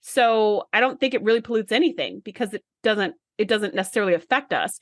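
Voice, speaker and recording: A woman's voice: mid-range voice, no echo, studio quality. A woman co-hosting a podcast in casual chat, retelling scenes and acting out the lines. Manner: chatty, acts out character lines in quick retellings. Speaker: podcast co-host.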